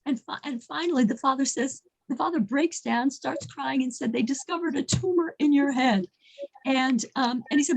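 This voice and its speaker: A woman telling a faith story in an informal talk, earnest and halting, often repeating words as she goes. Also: sits high, gravelly, low-quality recording. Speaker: religious storyteller.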